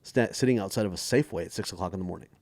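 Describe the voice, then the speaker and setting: A middle-aged man from Texas tells stories in a relaxed, animated way as a comedian guest. His voice sits fairly low and sounds dry and close, with little room around it. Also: very fast, no room sound. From Dallas area, Texas. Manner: animated storyteller who slips into voices and laughs often. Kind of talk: casual storytelling chat.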